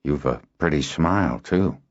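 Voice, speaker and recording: A man voicing a gruff, stubborn old male handler who talks slowly and softly, in an audiobook. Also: a bass voice, no room sound. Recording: dull lo-fi audio.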